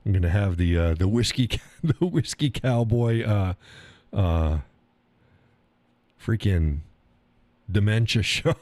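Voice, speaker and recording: Crude, tired older man rambling slowly. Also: on the low side, animated, darkish tone, dry recording. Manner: crude, rambling, reads chat aloud, laughs often. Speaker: live stream host. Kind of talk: casual live-stream chat.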